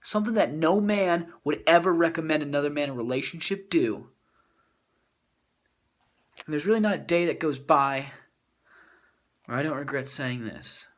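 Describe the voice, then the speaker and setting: A man's voice: fairly high pitch, animated, moderate pace, pauses often. A man venting in a comedic vlog, mock-serious and dramatic with inflated vocabulary. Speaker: vlogger.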